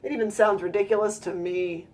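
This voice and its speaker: A woman's voice: medium pitch, steady tone, fairly quick, a little mellow, lightly acted. A woman voicing a timid, dreamy little girl gosling in a storybook read-aloud, with a small, eager childlike voice. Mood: forlorn.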